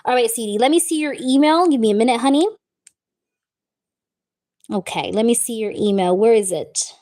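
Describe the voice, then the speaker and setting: A young woman reading tarot live, chatting warmly with viewers and calling them babe and baby girl. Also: on the high side, moderate pace. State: recovering from a wisdom tooth removal. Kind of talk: live-stream chat with viewers.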